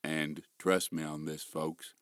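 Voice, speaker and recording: A man voice actor delivering a polished voiceover demo pitch that showcases his range of voices and accents, recorded close on a studio mic. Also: level tone, takes it slowly, fairly bright tone, dry recording.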